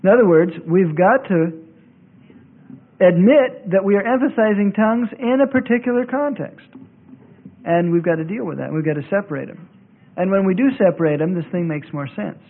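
High-voiced man lecturing on tinny tape. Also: normal speed. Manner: argumentative, repeats points for emphasis. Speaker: Bible class teacher. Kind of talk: classroom lecture.

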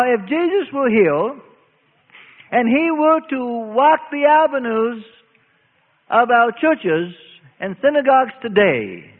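Male preacher, high and animated voice, deliberate pace; tinny recording with long hall reverb. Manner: slow, emphatic preaching with drawn-out phrases. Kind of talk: sermon. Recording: phone-like audio in a reverberant hall.

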